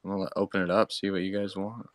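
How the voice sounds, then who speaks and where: A man's voice: low voice, flat delivery, fast. A man co-hosting a casual chat, hesitant and trailing off with many fillers.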